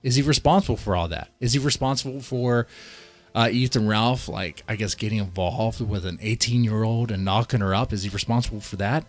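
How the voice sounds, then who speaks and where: A male streamer ranting to his chat with heated, profane outbursts, repeating lines and tripping over restarts. His pitch sits in an ordinary middle range. Soft music plays underneath. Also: lively intonation, brisk. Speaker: streamer reacting to a video. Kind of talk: casual live-stream rant.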